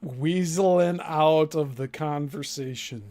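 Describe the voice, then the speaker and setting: Male host, blunt emphatic commenter, swears, slightly high voice. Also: slow pace, darkish tone. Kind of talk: casual commentary.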